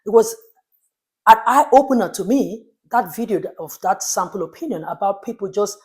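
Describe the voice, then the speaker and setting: A woman's voice: medium pitch, lively intonation, moderate pace. This is a woman host giving her opinions with emphatic force. Her voice sits in a middle range for a woman. She speaks candidly and keeps asking rhetorical questions. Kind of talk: opinionated commentary.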